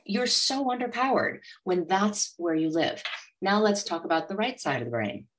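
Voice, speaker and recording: A woman who is a money coach, speaking as a guest in an interview and acting out inner voices with animated energy. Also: mid-range voice, moderate pace. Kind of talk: motivational interview talk.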